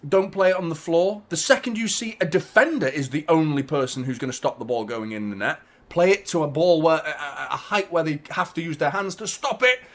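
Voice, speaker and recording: A man hosting a live football watchalong, reacting to the match with casual chat, swearing and bursts of shouting at big chances. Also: fairly high pitch, expressive, brisk, few pauses. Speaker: host of a football watchalong stream.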